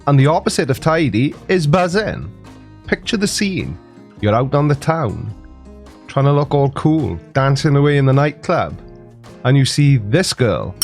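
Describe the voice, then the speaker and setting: Welsh host in his 40s, fairly high-pitched, deadpan joking, faint music behind. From Wales. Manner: dry, mock-serious, playful. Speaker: comedy video host. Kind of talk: scripted comic explainer to camera.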